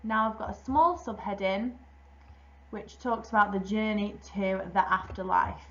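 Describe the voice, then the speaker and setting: Patient woman teacher explaining clearly. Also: mid-range voice, a little slow, a bit bright. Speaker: primary school teacher. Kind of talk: recorded lesson walkthrough. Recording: slightly dull lo-fi recording.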